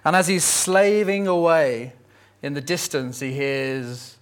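A man's voice: fairly high pitch, animated, slow pace. A man preaching a sermon, telling a Bible story in a conversational, lightly humorous way. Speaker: pastor.

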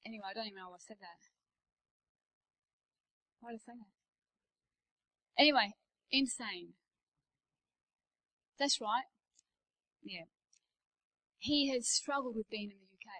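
A woman in her forties preaching to church leaders in a fairly high voice. She talks conversationally, drawing on her own family stories. She drops into quiet asides, then rises into emphatic declarations. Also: unhurried, pauses often, poor audio. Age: 40s. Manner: personal storytelling, swings between hushed asides and emphatic declarations. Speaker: pastor speaking at a leadership day. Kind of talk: conversational sermon.

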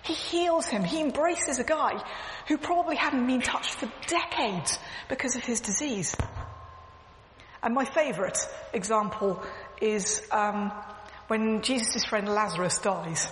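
At a measured pace, this woman's slightly high voice carries an earnest, emphatic sermon full of repeated phrases and stories. She's recorded on a clip-on mic that echoes in a hall, with faint noise behind her.

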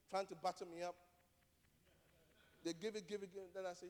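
A man preaching with a high, ringing voice that carries through a large, reverberant hall. He talks emphatically, repeating key phrases and asking the congregation pointed rhetorical questions. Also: flat delivery, fairly quick, a little mellow. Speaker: pastor. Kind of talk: sermon.

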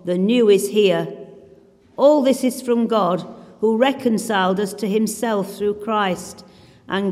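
A man reading a Bible passage aloud in church at a measured, careful pace. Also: high-pitched. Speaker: scripture reader. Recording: long church reverb.

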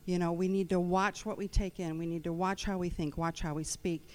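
A woman's voice: fairly low pitch, flat delivery, a little fast. A woman sharing an earnest reflection as part of a church message. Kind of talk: sermon reflection.

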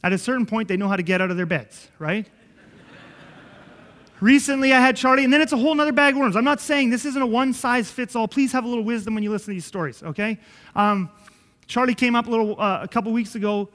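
A man giving a conversational sermon-style teaching, telling animated stories that act out dialogue and chuckling often. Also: extremely high pitch, quick pace. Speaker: Christian preacher and father. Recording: long hall reverb.

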